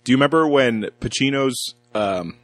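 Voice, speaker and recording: A man co-hosting a casual podcast chat, animated and quick to mimic other people's voices. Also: mid-range voice. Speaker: podcast co-host.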